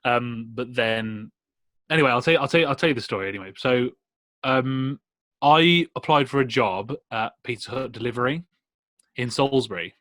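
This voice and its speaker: A young man in his twenties with a bright, forceful voice and a mid-range pitch, co-hosting a casual chat podcast. He tells his stories in a lively, animated way. The sound is dry and close. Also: moderate pace, no room sound. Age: 20s. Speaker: podcast co-host.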